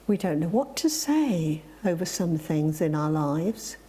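A woman preacher reading a reflective story and moving into a sermon, gentle and with emphatic exclamations. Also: sits low, very animated, a little slow, husky.

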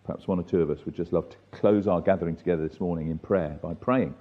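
A man leading a small church Bible study group, reading scripture slowly and deliberately. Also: low voice. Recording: muffled phone-like audio.

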